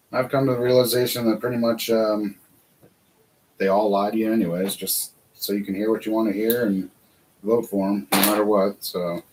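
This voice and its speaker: A man's voice: fairly low pitch, a little mellow, a little hiss or hum, low-quality recording. An American man hosting a casual livestream, talking in a rambling, chatty way and laughing often. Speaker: host.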